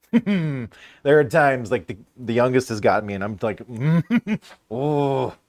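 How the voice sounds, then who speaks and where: A middle-aged man in casual chat, telling animated stories and laughing often. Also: mid-range voice, measured pace, no echo. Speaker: streamer guest.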